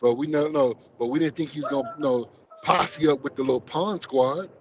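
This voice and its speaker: A man's voice: a little high, fairly quick, lo-fi sound, slight background noise. A man co-hosting a wrestling panel, rambling and restarting as he breaks down the fighters. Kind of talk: casual sports chat.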